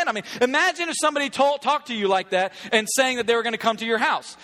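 A man's voice: very high voice, quick pace, hardly any pauses, bright, forceful tone. A man preaching a sermon in a casual, humorous, conversational way, building to emphatic repeated phrases.

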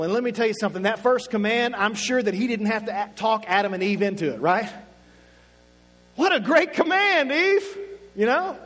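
A man's voice: sits high, expressive, moderate pace, fairly bright tone. A man from Oklahoma with an Oklahoma accent, preaching a sermon in a playful, conversational way and stretching words for emphasis. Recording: echoey hall with faint music.

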